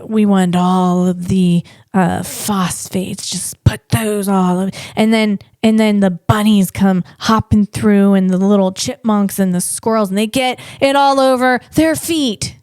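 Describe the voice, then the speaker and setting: A woman's voice: medium pitch, a little mellow, no echo, clean studio sound. A woman hosting her own podcast as a comedian, ranting in a playful, teasing way with lots of restarts. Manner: rambling, jokey ranting with frequent restarts. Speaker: podcast host and stand-up comedian. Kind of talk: casual solo podcast monologue.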